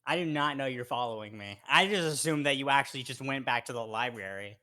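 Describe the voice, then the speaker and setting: A man playing a tabletop game, chatty and quick to laugh. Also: mid-range voice, pushed and bright. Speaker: player. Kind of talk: casual gaming chat.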